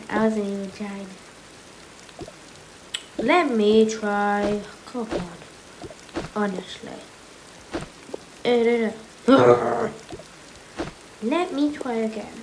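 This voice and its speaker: A woman's voice: a little high, very slow, gravelly, long pauses. A young woman voicing a playful doll-game family skit, switching between character voices, with rain noise behind. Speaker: roleplay video maker.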